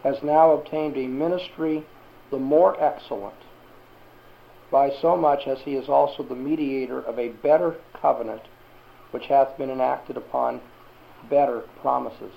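Male Bible teacher, gravelly voice, questioning the class, dull recording. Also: mid-range voice, steady tone, moderate pace, a little hiss or hum.

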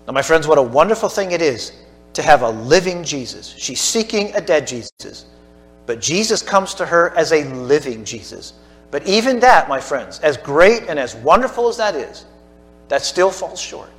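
A man preaching a sermon to a church congregation, building to emphatic peaks and dropping to hushed asides. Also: on the high side, animated, moderate pace, soft background music. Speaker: pastor.

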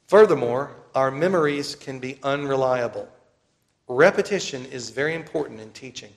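A man preaching a sermon in an earnest, emphatic way, slowing down to repeat key phrases. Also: medium pitch. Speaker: pastor.

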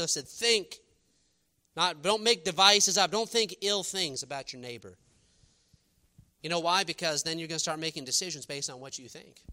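A man preaching a sermon, animated and emphatic, quoting scripture in old-fashioned wording. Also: fairly high pitch. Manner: animated, rising to emphatic peaks.

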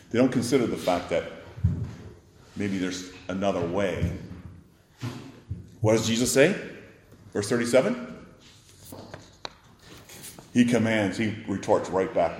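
A man preaching an expository sermon, animated and acting out the disciples' and Jesus' words in a raised voice. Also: lowish voice, unhurried, pauses often. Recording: echoey hall with faint noise.

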